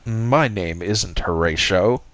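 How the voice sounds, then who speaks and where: A man reading as a fretful, polite older man who speaks hesitantly and slowly. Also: low-pitched, a bit bright, dry recording. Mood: mild, weary. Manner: hesitant, apologetic, slow.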